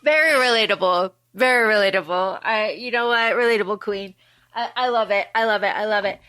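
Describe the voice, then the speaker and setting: A woman's voice: mid-range voice, fairly quick, slight background noise. A woman co-hosting a podcast, animatedly recapping a film in casual chat and acting out quotes. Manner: animated, acts out quotes in funny voices. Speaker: podcast co-host.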